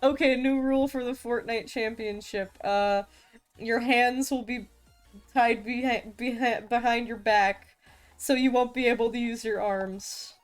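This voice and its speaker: A woman chatting casually on an art stream, playful and self-mocking, quick to laugh at her own jokes. Her voice sits a little high and she talks at an unhurried pace. Faint music plays underneath. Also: fairly even intonation. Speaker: vtuber streamer.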